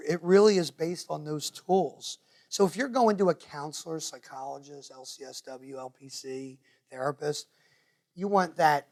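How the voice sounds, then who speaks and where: A man with a New Jersey accent, speaking to parents in a meeting room and telling stories with quick impressions of other people. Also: a little high. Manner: animated storyteller, quick to mimic others. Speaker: guest speaker. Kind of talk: lively talk to parents. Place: meeting room with a live audience.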